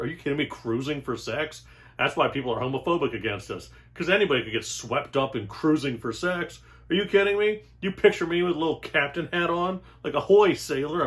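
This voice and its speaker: A young adult man delivering a comic monologue as host, sarcastic and animated, with exaggerated outbursts and quick asides. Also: medium pitch. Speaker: comedian host. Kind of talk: stand-up style comic monologue.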